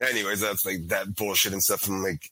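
A young man in casual chat, telling profane, animated stories full of fillers as a podcast co-host. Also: low voice, brisk, breathy edge, dry recording, poor audio.

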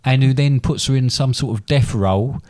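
A man's voice: medium pitch, moderate pace, warm tone. A middle-aged man co-hosting a podcast with his son, chatting casually with dry, teasing humor. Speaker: podcast co-host. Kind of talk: casual chat.

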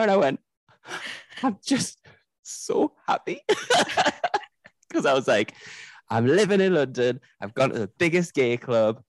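Chatty young man, low voice. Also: no echo. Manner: chatty, laughs often, reminiscing. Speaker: podcast co-host. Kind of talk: casual chat.

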